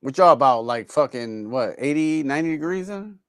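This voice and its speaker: A man banters in a laid-back way on a casual live stream, swearing as he talks. His voice sits a little high and rises and falls a lot. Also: expressive, normal speed, fairly bright tone, clean tone, no echo, studio quality.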